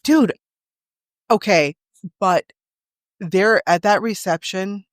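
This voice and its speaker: A young adult woman co-hosting a podcast in casual chat, slangy and expressive, often laughing as she talks. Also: mid-range voice, takes it slowly, dry recording. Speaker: podcast co-host.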